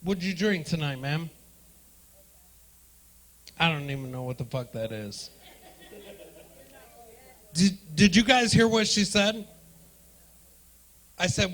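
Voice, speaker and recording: Brash stand-up comic working a crowd. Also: male voice, fairly high pitch, animated, takes it slowly, long pauses, rough recording. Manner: brash, crude, loud crowd banter. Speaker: stand-up comedian and emcee. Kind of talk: stand-up comedy with crowd work. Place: comedy club stage.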